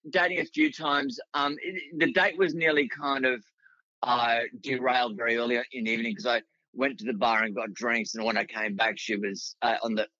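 Australian man, bright forceful voice, rambling anecdotes, dry close sound, slightly dull lo-fi audio. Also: medium pitch, moderate pace, no echo. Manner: rambling anecdotes with many restarts and fillers. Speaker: guest, writer and actor. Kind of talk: casual storytelling in a podcast interview.

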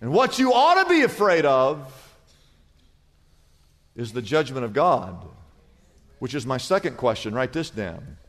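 A man preaching a sermon as pastor, telling stories with big swings between loud and soft. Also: a little slow, long pauses, long reverb tail. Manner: animated storytelling with wide swings in pitch and volume.

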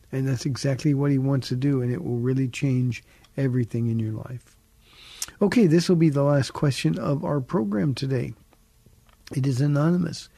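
A man's voice: on the high side, creaky, dark tone, dry recording. A man, a pastor and radio host, giving earnest, emphatic Bible teaching and answering listener questions in a studio. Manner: earnest and emphatic, repeats key phrases.

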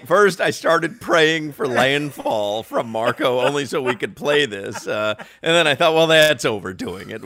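A man's voice: medium pitch, pushed and bright. A man co-hosting a radio show, bantering with a laugh and reading sponsor copy. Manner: joking, laughs often, reads sponsor copy. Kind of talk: sports radio banter and live reads.

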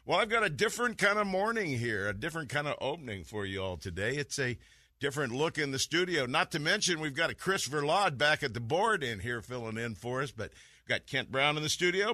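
A man's voice: mid-range voice, expressive, fairly quick, bright, forceful tone, no room sound. A man hosting a radio fishing show from the studio, joking and telling stories in a casual, folksy way. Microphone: studio mic with headphones.

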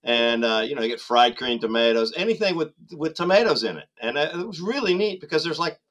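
A man's voice: fairly high pitch, expressive, a little fast, fairly bright tone. A middle-aged man guest, reminiscing casually with jokes at his own expense. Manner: jokey, self-mocking, laughs along. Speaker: guest, former actor.

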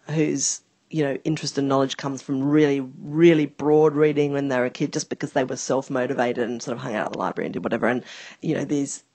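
A woman's voice: extremely low pitch, darkish tone, no room sound. A woman co-hosts a podcast with a wry, rambling manner, drifting through asides and dry jokes. Her voice is recorded very dry and close, with no room sound around it. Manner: rambling, many ums and asides, wry humour. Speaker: podcast co-host. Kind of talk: casual chat.

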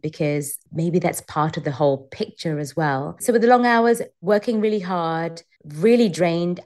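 A woman's voice: on the low side, a little mellow. Reflective woman guest on a podcast. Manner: reflective, weighing her words with small restarts. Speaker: podcast guest, former family doctor and meditation teacher. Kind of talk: casual podcast interview.

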